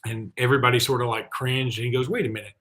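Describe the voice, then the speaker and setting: A man hosting a sports talk show, chatty and rambling, and quick to poke fun at himself. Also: medium pitch, fairly even intonation, fairly bright tone. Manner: chatty, rambling, self-deprecating. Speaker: host.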